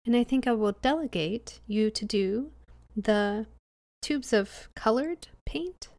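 A woman playing a tabletop game, speaking in a deliberate, playful way. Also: fairly high pitch, gravelly, a little mellow. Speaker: player.

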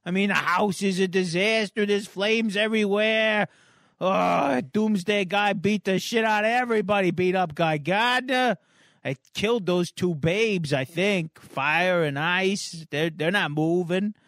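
A man voicing a panicked teenage boy trapped in a burning house, pleading in a high, strained voice. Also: unhurried, fairly bright tone, no echo, clean studio sound. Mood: frantic.

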